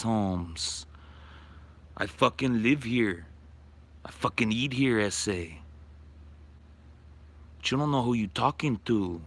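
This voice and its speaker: A swaggering tough guy throws out taunts and threats, cursing freely, voiced by a man. The tone is bright and forceful, and the voice stays in a middle register. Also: mid-range voice, slightly rough. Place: backyard at night, outdoors.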